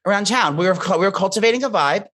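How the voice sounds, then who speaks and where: A man's voice: high voice, expressive, very fast, a bit bright. A man co-hosting a podcast, telling campy, gossipy stories in a teasing, joking way. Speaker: podcast co-host. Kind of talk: casual comedic chat.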